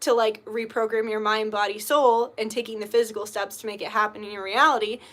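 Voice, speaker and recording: Bright-voiced chatty woman tarot reader. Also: medium pitch, flat delivery, a little fast. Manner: chatty, lots of filler words and swearing. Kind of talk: casual livestream chat.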